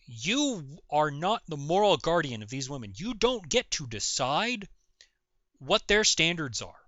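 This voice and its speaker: A man's voice: fairly high pitch, big pitch swings, a little slow, fairly bright tone, no echo. A man ranting sarcastically in a reaction video, mocking and exasperated, swearing often. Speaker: video commentator. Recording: dull lo-fi recording.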